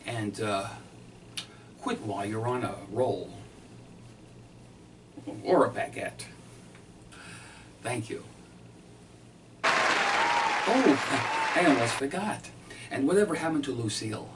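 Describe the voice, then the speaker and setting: A man telling a comic story as a magician, with halting, deadpan delivery full of fillers. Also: medium pitch, over a noisy crowd. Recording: distant mic, faint background noise.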